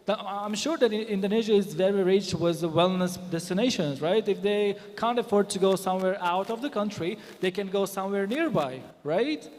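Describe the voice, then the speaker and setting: A man with a high voice answers a question at a conference. He explains his point and keeps checking in with "right?". His voice carries a long reverb. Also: brisk, few pauses, a little mellow. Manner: explains with frequent "right?" tags. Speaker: conference presenter.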